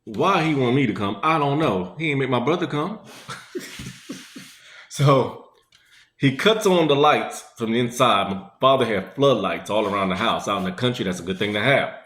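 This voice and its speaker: Brief: man, mid-pitched voice, rambling conversational storyteller, roomy echoey recording. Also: expressive, normal speed, a bit bright. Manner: rambling, conversational, many fillers. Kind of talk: casual spoken storytelling. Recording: echoey room.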